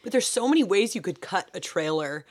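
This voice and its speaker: A woman's voice: medium pitch, lively intonation, brisk. A woman co-hosting a casual chat, reporting on film reviews with many fillers. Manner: reads quotes aloud, many fillers. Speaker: podcast co-host.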